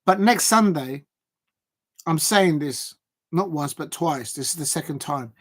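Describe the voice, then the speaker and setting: A man's voice: a little high, expressive, a little slow. Male, 40s; casual football stream host, loose and rambling, lots of ums. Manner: rambling, chatty, thinks aloud with many fillers. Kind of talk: casual live chat reacting to viewers.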